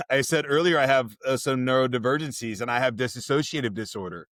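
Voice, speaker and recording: A man's voice: mid-range voice, fairly quick, a bit bright, no room sound. A male podcast host with a mid-range voice, talking in an earnest, reflective way. He laughs easily between thoughts. The recording is dry and close. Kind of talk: casual interview chat.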